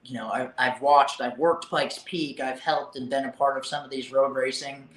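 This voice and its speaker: A man's voice: mid-range voice, steady tone, normal speed, a bit bright. Easygoing man in an echoey room. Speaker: podcast guest. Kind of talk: casual chat.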